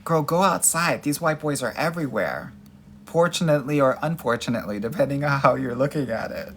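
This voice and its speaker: A man's voice: mid-range voice, expressive, fairly quick, fairly bright tone, slight background noise. A man hosting a live dating Q&A, answering viewer comments in a sassy, emphatic way and calling his audience girl and honey. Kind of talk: casual livestream chat answering viewer comments.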